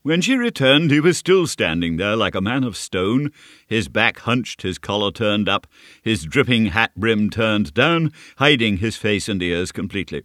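A man reading a classic novel aloud as scripted narration, in a measured, steady storytelling manner. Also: on the low side, dry recording, clean studio sound. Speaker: audiobook narrator.

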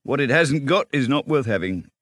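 A man reading a storybook, voicing a cheerful, self-assured male water rat who talks briskly and chattily. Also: medium pitch, expressive, a bit bright, dry recording, clean studio sound, voice pushed up. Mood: hearty. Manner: brisk, chatty, lightly laughing.

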